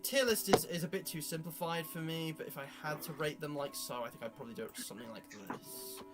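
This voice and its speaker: A man's voice: a little high, quick pace. A man hosting a casual chat with friends, giving opinions in a rambling way with lots of fillers. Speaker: YouTube host. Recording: music playing under the voice.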